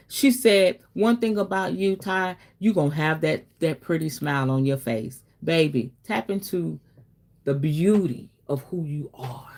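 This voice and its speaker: A woman hosting a casual spiritual talk, chatty and preachy, often calling listeners baby and checking in with okay. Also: mid-range voice. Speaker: spiritual reader and host.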